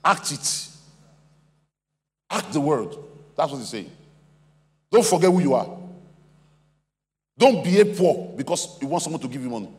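A man's voice: on the high side, very animated, unhurried, long pauses. A man preaching a sermon as pastor, emphatic and repetitive, calling on the congregation to respond. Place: large convention hall. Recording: reverberant hall, faint hum.

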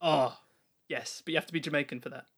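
A man's voice: fairly high pitch, steady tone, fast, a bit bright. Male podcast host, casual and jokey, mock-formal delivery. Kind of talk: casual chat.

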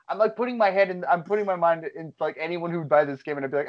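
A man's voice: high voice, steady tone, racing, few pauses, dull audio. A man in casual chat, rambling with lots of fillers and swearing as he rants.

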